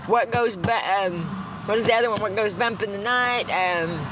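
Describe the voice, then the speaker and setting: A woman's voice: medium pitch, moderate pace, noisy background. A middle-aged woman ranting to a phone in a blunt, profane, rambling way, recorded in a parked car. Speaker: TikTok livestreamer. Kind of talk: ranting casual monologue.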